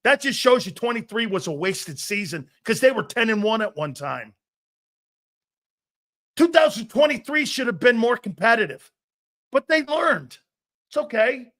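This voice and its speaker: A fired-up man delivers a profane sports rant, hammering his points home with heavy emphasis. His voice sits high for a man and leaps up and down with animated swings. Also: normal speed, long pauses. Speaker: sports commentator.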